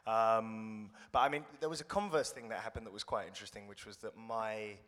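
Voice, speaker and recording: A man's voice: fairly low pitch, steady tone, brisk, a bit bright. A young British man chatting as a guest actor in an interview, thoughtful and self-deprecating, rambling with restarts. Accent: British English. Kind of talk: casual interview chat. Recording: reverberant room.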